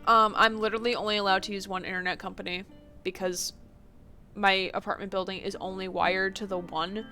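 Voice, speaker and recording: A woman streaming a game, chatting casually in quick asides and laughing often. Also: mid-range voice, flat delivery, pushed and bright. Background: faint game music.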